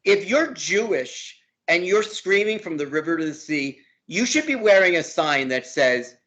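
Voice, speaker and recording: A man's voice: a little high, expressive, unhurried, hardly any pauses, a bit bright. A man, a law professor as interview guest, talking heatedly and hammering points by repeating words. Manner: emphatic, repeats words for force. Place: lives in Brooklyn.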